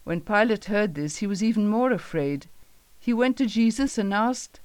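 Calm woman narrating a Bible story. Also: mid-range voice, normal speed, clear, resonant tone, dry recording.

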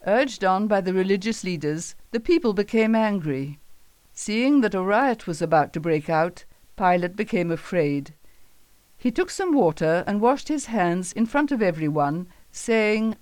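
A woman tells a Bible story calmly and at a measured pace, her voice at a middle pitch. The recording is close and dry, without any room sound.

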